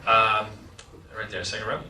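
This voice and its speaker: A man's voice: on the low side, little pitch movement, moderate pace, very noisy. A man moderating a live festival Q&A in a big cinema, upbeat and jokey as he works the crowd. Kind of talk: live onstage Q&A hosting. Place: large cinema hall at a live event. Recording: echoey hall, distant mic, loud audience.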